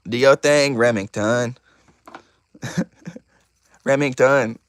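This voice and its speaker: A young man hosting a casual live stream, excitable and chatty, talking straight to his chat. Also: mid-range voice, slow pace, smooth, dry recording. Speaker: YouTuber host of a live stream.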